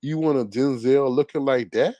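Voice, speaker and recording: A man rants in an indignant, drawling way on a live talk stream. His voice sits at an ordinary middle pitch, recorded dry and close, and it swings between loud outbursts and low mutters. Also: moderate pace, no echo. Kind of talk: animated casual ranting.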